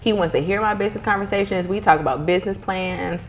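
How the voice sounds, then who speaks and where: Animated woman in her thirties, guest. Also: mid-range voice, quick pace, slight background noise. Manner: animated storytelling with frequent restarts and laughter. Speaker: podcast guest. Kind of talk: casual interview conversation.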